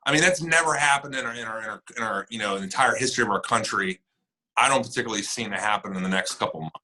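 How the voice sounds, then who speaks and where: Animated, bright-voiced man telling stories. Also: lowish voice, quick pace, poor audio. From northern United States. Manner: animated storyteller, acts out quoted exchanges. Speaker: podcast guest, military servicemember and actor. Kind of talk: casual chat.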